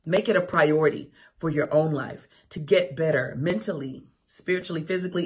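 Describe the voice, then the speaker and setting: A woman's voice: deep voice, moderate pace, hardly any pauses, darkish tone. Woman, radio morning host, inspirational faith talk, emphatic and sassy. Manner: preachy, emphatic, repeats phrases for rhythm; sassy asides and laughing quips.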